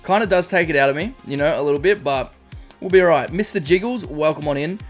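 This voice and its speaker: A man's voice: on the high side, quick pace, faint music behind. An Australian man streaming live, chatting casually, greeting viewers by name and rambling through a story.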